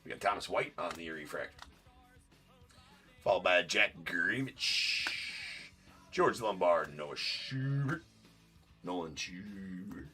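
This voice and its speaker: Joking card break host, bright voice. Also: male voice, sits low, lively intonation, slow, pauses often, faint music behind. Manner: casual, joking, swears offhand. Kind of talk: live-stream card break commentary.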